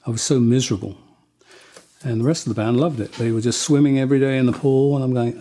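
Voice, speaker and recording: A man being interviewed, telling rambling anecdotes with many restarts and quick acted-out quotes of other people. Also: mid-range voice, steady tone, warm tone, husky. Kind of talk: casual anecdotal storytelling.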